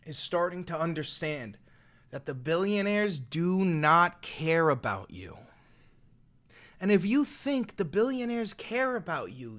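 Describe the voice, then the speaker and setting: A man's voice: fairly high pitch, fairly bright tone. Fiery young man ranting on stream. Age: 20s. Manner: profane, impassioned ranting. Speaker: live streamer. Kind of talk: angry political commentary livestream. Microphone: desk microphone.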